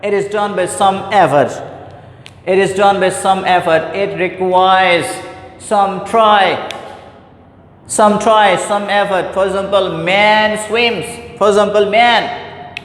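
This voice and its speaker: A man's voice: high voice, fairly even intonation, fairly bright tone. A man teaching a grammar lesson, repeating points and calling his class "my dear students". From Pakistan. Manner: repetitive, deliberate, addresses "my dear students". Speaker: English teacher. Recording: echoey hall with faint background noise.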